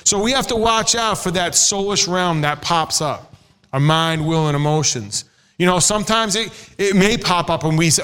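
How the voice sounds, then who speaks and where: A man's voice: sits high, expressive, moderate pace, a bit bright, clear, resonant tone. A middle-aged male pastor preaching a sermon in a conversational way, acting out quoted voices. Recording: hall reverb.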